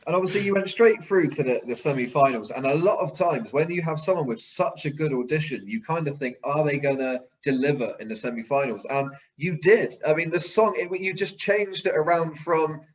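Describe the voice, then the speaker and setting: A man's voice: fairly high pitch, fairly quick, hardly any pauses. A man hosting an interview, asking earnest and complimentary questions. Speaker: show host, interviewer. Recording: dull lo-fi sound.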